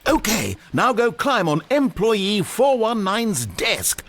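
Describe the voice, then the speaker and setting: A theatrical disembodied game narrator. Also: male voice, high-pitched, very animated, takes it slowly, fairly bright tone, a little hiss or hum, exaggerated voice. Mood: coaxing. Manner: theatrical, grandly encouraging. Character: disembodied male narrator, coaxing and manipulative. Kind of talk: video game voice acting.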